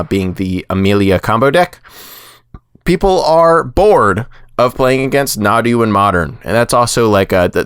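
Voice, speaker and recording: A man hosting a casual podcast, chatty and animated, with plenty of filler words. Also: medium pitch, smooth, dry recording, clean studio sound. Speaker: podcast host.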